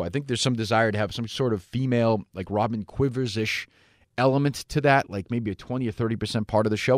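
A man's voice: medium pitch, no room sound, clean studio sound. A man hosting a radio talk show, answering listener questions in a rambling, blunt and sometimes profane way. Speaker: radio host.

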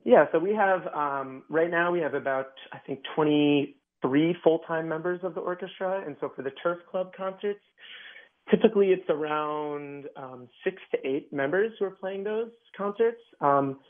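A man's voice: a little high, normal speed. A man speaking as an orchestra guest in a casual radio interview, chatty, with many fillers and restarts. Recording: tinny phone-like line.

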